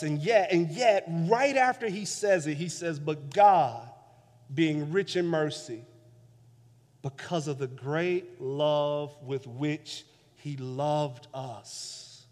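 Emphatic high-voiced preacher in a reverberant church. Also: male voice, slow pace, a little mellow. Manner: emphatic, repeating phrases for weight. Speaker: pastor. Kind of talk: sermon. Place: church sanctuary.

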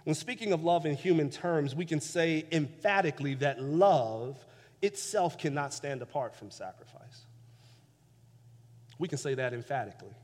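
Emphatic high-voiced preacher in a reverberant church. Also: male voice, animated, normal speed, darkish tone. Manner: emphatic, repeating phrases for weight. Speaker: pastor. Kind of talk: sermon. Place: church sanctuary.

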